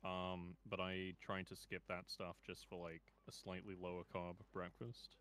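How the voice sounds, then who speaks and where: A man chatting casually and relaxed, swearing freely and stopping with uh and like. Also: low-pitched, normal speed. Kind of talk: casual chat.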